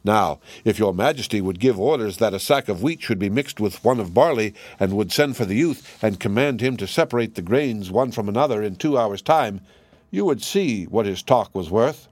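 A man's voice: lowish voice, expressive, normal speed, a little mellow, no echo. Man reading as scheming old soldiers. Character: scheming discharged soldiers, spiteful grown men.

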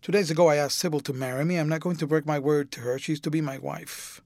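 Brief: man reading as an emotional, self-absorbed young gentleman, slightly high voice, dry close sound. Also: fairly even intonation, fast talker, gravelly, dry recording. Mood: pleading. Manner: emotional, dramatic delivery. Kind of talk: audiobook reading.

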